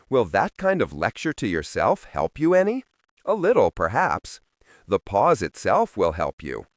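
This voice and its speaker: Lively low-voiced male audiobook narrator. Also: measured pace, no echo, studio quality.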